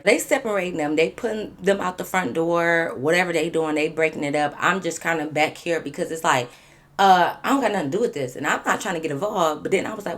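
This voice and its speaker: A woman vlogger telling a casual story to her viewers, animated and profane, addressing them directly. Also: fairly low pitch, fast talker.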